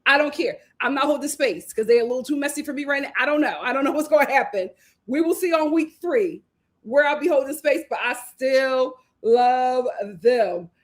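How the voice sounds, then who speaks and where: A woman hosts a casual recap show. She talks in an animated way, laughs often, and acts out lines from the people she discusses. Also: high voice, normal speed. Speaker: host.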